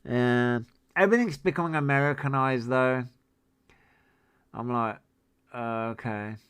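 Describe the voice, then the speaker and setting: A man in his forties hosts a relaxed livestream, answering viewer comments as he rambles. His voice is smooth and clean, and he takes his time between swear-laden, disbelieving asides. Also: medium pitch, a little slow. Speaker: livestream host. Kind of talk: casual livestream chat reading viewer comments.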